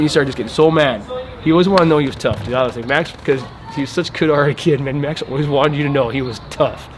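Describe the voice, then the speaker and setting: A man's voice: fairly high pitch, fast, noisy background. A man, a coach, animatedly recalling stories and acting out both sides of the dialogue. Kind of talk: reminiscing documentary interview.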